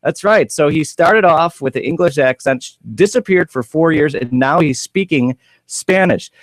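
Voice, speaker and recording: Upbeat radio host, dry studio sound. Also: male voice, on the high side, normal speed, no echo. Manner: upbeat, repeats the phone number, easy banter. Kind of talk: casual radio chat.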